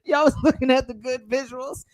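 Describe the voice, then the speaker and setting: A man's voice: very high-pitched, little pitch movement, fairly quick. A man co-hosting a casual talk show, teasing his partner and laughing often. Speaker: podcast co-host. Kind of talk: casual chat.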